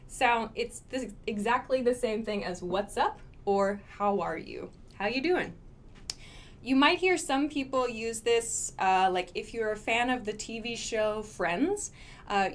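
A woman teaching casual English phrases in a relaxed live lesson, demonstrating pronunciation slowly and laughing often. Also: fairly high pitch, a little hiss or hum. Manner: slow, clear demonstrations with laughs.

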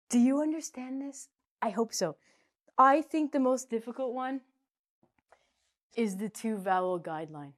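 Playful woman teaching pronunciation slowly. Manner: jokey, animated, with sudden high exaggerated sound demos. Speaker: English teacher.

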